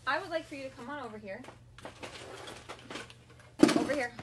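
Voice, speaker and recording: A young woman teaching an online kindergarten lesson at home, patient and instructive, slowly modeling phrases for children to repeat. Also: high voice, heavy background noise. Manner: patient, instructive, frequent gentle redirections; slow, sing-song modeling of phrases for repetition. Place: home, filmed for online class.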